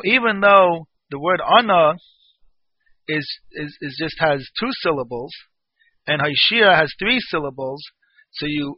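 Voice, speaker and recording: A man's voice: fairly high pitch, no room sound, lo-fi sound. Man explaining law text. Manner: reads Hebrew phrases then explains in English. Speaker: Torah teacher.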